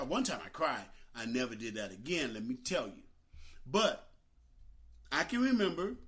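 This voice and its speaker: An older man hosts a talk show and spins a personal story for his guests. His voice sits fairly high and swings widely in pitch. He tells it with animated, dramatic flair. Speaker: host.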